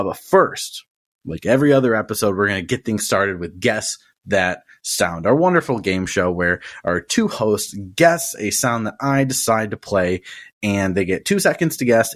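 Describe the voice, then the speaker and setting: A man hosting a laid-back podcast from a hotel room, his voice a touch low. He rambles and chuckles, restarting words as he goes. The sound is close and dry, with no room around it. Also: lively intonation, normal speed, dry recording. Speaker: podcast host. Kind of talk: casual podcast chat.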